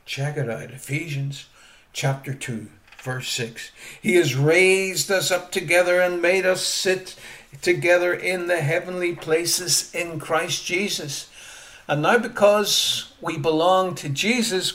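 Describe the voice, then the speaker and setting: A man preaching a sermon emphatically, repeating key phrases and swinging between loud rises and quiet drops. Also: fairly high pitch, measured pace.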